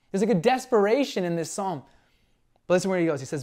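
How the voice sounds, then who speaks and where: A man's voice: sits high, fast, darkish tone. A young man preaching a sermon as a pastor, earnest and conversational, reading scripture with feeling and acting out prayers.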